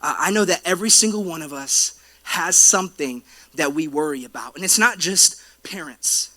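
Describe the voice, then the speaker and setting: A man's voice: fairly high pitch, moderate pace, pushed and bright. A young man preaching a sermon in a church, telling playful stories with frequent asides to the congregation. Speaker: pastor. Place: church auditorium.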